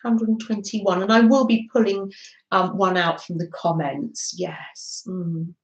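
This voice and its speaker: A woman's voice: on the low side, fairly even intonation, measured pace, highs cut off. A middle-aged woman hosting a craft live stream, chatting casually and reading out viewers' comments. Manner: chatty, warm greetings to viewers. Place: indoors at a craft desk. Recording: echoey room.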